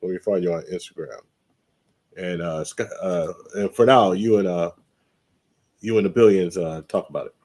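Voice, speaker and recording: A man's voice: deep voice, normal speed, pauses often, mellow. A man hosting a casual live podcast stream, easygoing and prone to repeating himself as he runs the show. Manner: easygoing, repeats phrases, laughs often. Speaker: podcast host.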